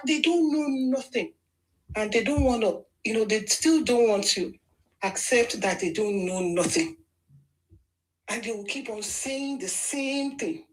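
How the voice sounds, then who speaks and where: A woman with a mid-range voice and a Nigerian accent delivers an emphatic, argumentative political monologue as a commentator, speaking casually and restarting often. The recording is rough.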